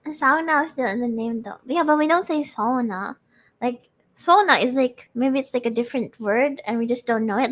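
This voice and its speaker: Giggly high-voiced woman chatting. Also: moderate pace, fairly bright tone. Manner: giggly, chatty, frequent laughter. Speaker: streamer hosting a live audio space. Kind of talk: casual chat reading audience comments.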